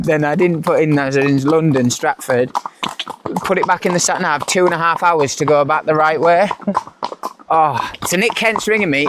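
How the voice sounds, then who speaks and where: A man, a retired jockey, chatting casually while riding out, telling lively stories and acting out other people's lines. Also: a little high. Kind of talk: casual storytelling chat. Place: outdoors, riding out on horseback. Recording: outdoor recording with clear background noise.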